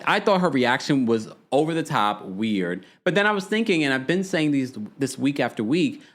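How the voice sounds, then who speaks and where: A man hosting a reality TV recap show. He reads viewer comments aloud, laughs often and repeats words when he restarts a sentence. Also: medium pitch. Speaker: podcast host. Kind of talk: reality TV recap with live chat.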